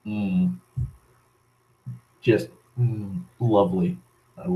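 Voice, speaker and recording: A young vlogger from Massachusetts rants casually into his camera in a low, warm voice, piling on profanity, sardonic asides, and rambling restarts. The recording is rough.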